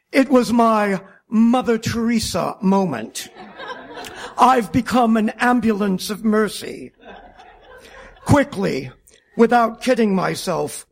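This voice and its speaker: A man narrating a wry first-person story about driving a taxi, deliberate and self-mocking. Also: sits high, gravelly.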